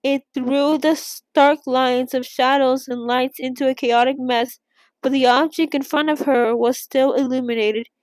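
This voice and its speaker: A young woman with a high, bright-toned voice hosts a casual read-along of a novel. She reads in a halting way, breaks off to react with emotional gasps and restarts, then goes back to the page. The recording is close and dry. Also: steady tone, no room sound. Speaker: channel host reading a novel aloud.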